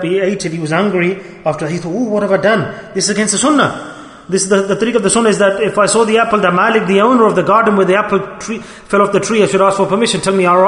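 A high-pitched man delivers a sermon, telling a moral story and pressing the listeners with urgent, repeated questions. He speaks in fast bursts. His voice rings through a roomy hall with a long reverb tail. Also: a bit bright. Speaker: preacher.

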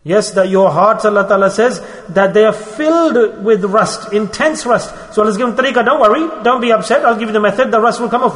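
A male Islamic preacher giving a sermon through a personal story. He repeats his points, asks rhetorical questions, and swings from loud urging to hushed asides. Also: sits high, long reverb tail.

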